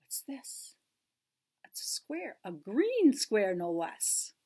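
Slow, sing-song woman reading to toddlers. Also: medium pitch, huge pitch swings, husky. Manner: gentle, slow, sing-song questions to small children. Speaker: church story time reader. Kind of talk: picture-book read-aloud for toddlers.

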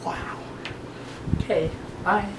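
Guy doing a flirty vain gym dude, slow and swoopy, echoey room, far off mic. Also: whispered. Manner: smug, flirtatious, self-admiring. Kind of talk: sketch comedy audition. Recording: echoey room, far camera, background noise.

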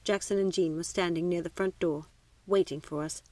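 A woman narrating a novel aloud in a measured, expressive reading. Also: lowish voice, no room sound. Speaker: audiobook reader. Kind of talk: storybook narration.

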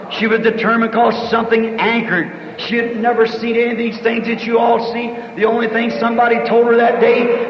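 Preacher, high voice, folksy storytelling that breaks into shouts, dull old tape from a big hall. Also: male voice, slight background noise. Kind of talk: sermon with storytelling. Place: large meeting hall.

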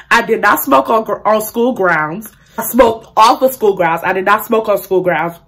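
A young woman telling a profane, animated storytime in casual vlog style, acting out the people in it. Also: fairly high pitch, moderate pace, slightly rough. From African family. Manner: animated, profane, acts out quotes loudly. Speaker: beauty vlogger.

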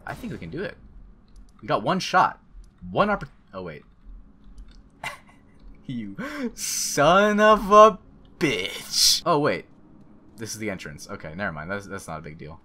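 A young man giving crude, excitable commentary while playing a video game, swinging from mutters to yells. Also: lowish voice, normal speed, pauses often, a little hiss or hum. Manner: crude joking. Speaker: gaming YouTuber. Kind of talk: Let's Play commentary.

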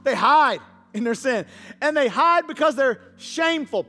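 A male pastor with a very high, bright and forceful voice delivers a lively sermon, telling the story in casual slang and playing out the dialogue. He sounds like he is in a church hall with a long echo, and soft music plays underneath. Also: normal speed. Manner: dynamic storytelling preacher, slangy, acts out dialogue. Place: church auditorium.

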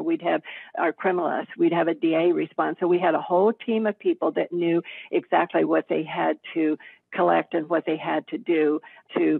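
A retired detective, a woman in her seventies, recounting old cases in a steady, matter-of-fact way. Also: low voice, gravelly, slightly rough, no echo. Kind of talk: recounting case memories in an interview. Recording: tinny phone line.

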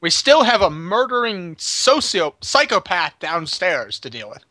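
A man plays a tabletop game, chatting casually and tossing out quick quips. His voice is fairly high and bright, with lively pitch, and the recording is dry and close. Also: no room sound. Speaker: player.

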